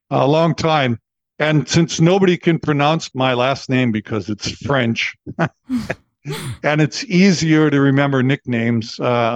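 A man's voice: medium pitch, gravelly, dry recording, muffled recording. Chatty American man in his seventies. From Texas, USA. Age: 70s. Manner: chatty, laughs often, acts out quoted voices. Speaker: radio disc jockey. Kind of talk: relaxed interview storytelling.

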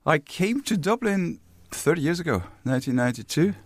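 A man's voice: fairly high pitch, lively intonation, fairly quick, no room sound. A German man in his fifties with a German accent, chatting as an interview guest, friendly and thoughtful, repeating words as he searches for them. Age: 50s. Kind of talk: casual interview chat.

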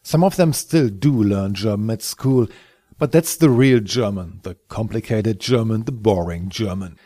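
A man giving scripted documentary narration in a measured, lightly wry manner. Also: lowish voice, warm tone, dry recording.

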